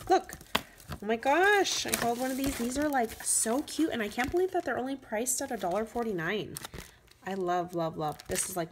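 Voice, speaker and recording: A woman vlogging from home, unboxing craft supplies in an excited, gushing way that is full of "like" and "oh my gosh.". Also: mid-range voice, noisy background. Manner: gushing, says "like" and "oh my gosh" often.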